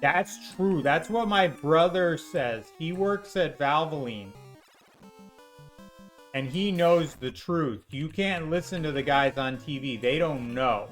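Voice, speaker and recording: A man's voice: fairly high pitch, takes it slowly, fairly bright tone. A man giving sarcastic, rambling commentary while playing an old role-playing video game. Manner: sarcastic, rambling jokey asides. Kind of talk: gameplay commentary. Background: faint game music.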